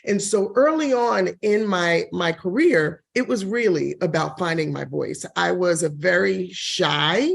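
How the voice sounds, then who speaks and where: A woman in her forties with a gravelly, fry-tinged voice answers interview questions about her career. She is expressive and laughs easily, and her pitch rises and falls as she tells the story. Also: unhurried, few pauses. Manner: expressive, laughs often, shifts pitch when quoting others. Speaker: guest, real estate broker and TV host.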